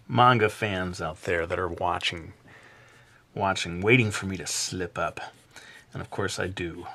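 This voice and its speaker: Low-voiced man narrating a drawing tutorial. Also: vocal fry. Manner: relaxed, chatty, frequent "uh" fillers, self-deprecating. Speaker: drawing instructor.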